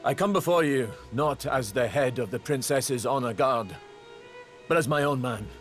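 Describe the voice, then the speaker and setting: A man's voice: medium pitch, moderate pace, a bit bright, soft background music, voice pushed up, close to an everyday voice. A man voicing a shy, earnest young male knight who stammers nervously.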